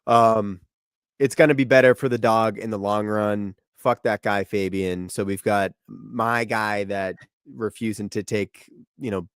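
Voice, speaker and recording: A man co-hosting a podcast in casual chat, blunt and quick to give firm advice. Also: lowish voice, fairly even intonation, clean tone, no room sound, studio quality. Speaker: podcast co-host.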